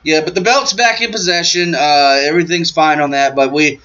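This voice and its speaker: A man's voice: on the high side, moderate pace, pushed and bright. A man co-hosting a casual chat, enthusiastic, joking and emphatic. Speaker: podcast co-host. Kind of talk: casual chat about pro wrestling. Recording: muffled lo-fi audio.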